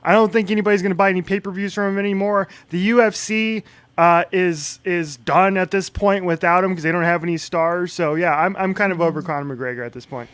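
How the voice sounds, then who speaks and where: A man's voice: sits high, fairly even intonation, brisk, a bit bright, dry recording. A man co-hosting a sports talk show, giving casual, opinionated takes with an amused tone.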